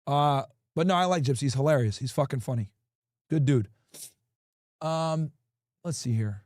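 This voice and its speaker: Speaking at a moderate pace, a man with a medium-pitched, slightly mellow voice hosts a livestream, with no room sound and clean studio audio. He casually reads out audience comments and answers chat directly in a blunt, profane manner.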